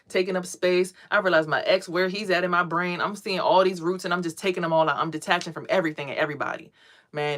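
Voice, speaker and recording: Woman, low pitch, rambling spiritual monologue, profane, streetwise, casual vlog. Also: a bit bright. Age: adult parent. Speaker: spiritual vlogger.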